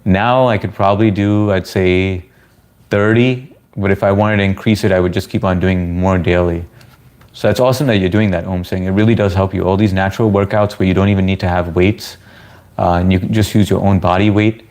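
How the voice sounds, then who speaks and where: A man's voice: low voice, steady tone, a little fast, darkish tone. A man from the US chatting casually with viewers on a livestream, laid-back and talkative. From United States. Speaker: live streamer answering chat.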